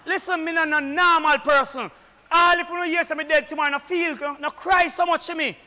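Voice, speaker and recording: Fervent Jamaican deacon preaching in a hall. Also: male voice, very high-pitched, steady tone, a little fast. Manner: fervent, shouting preacher in patois. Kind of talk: preaching at a church meeting. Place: church. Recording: echoey church hall.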